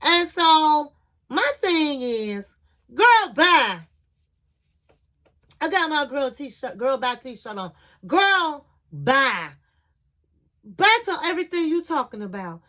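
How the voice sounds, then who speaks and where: A woman's voice: high voice, animated, unhurried, fairly bright tone. A woman hosting a casual reality TV recap, telling the story in a sassy, slangy way.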